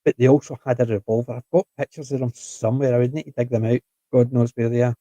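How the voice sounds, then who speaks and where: A man's voice: mid-range voice, fairly even intonation, fast talker, dark tone, no room sound. A man, a podcast co-host, rambling enthusiastically in casual chat.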